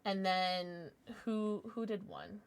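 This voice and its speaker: A woman's voice: mid-range voice, steady tone, slow, clean tone. A woman streaming live, chatting casually with viewers and cooing over her pets. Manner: bubbly, coos over her pets, laughs often. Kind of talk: casual livestream chat.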